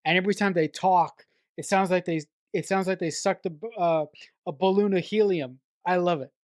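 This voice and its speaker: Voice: medium pitch, normal speed, darkish tone, no echo. A podcast co-host discussing a film in casual chat, thoughtful, often restarting sentences and laughing now and then. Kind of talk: casual movie-review chat.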